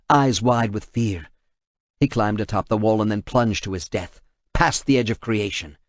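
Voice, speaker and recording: Man, low voice, steady audiobook narration, dry close recording. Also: no room sound.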